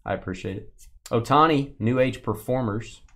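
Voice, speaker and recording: Speaking at a moderate pace with a medium-pitched voice, a man runs a live card break stream. He opens packs, chats casually, and teases his viewers in a playful, lively way.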